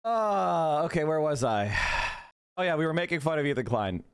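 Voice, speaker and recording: This livestream host has a fairly high, resonant, clear voice that is expressive at a moderate pace. Profane and mocking, he reacts to his chat by reading it out during casual political commentary.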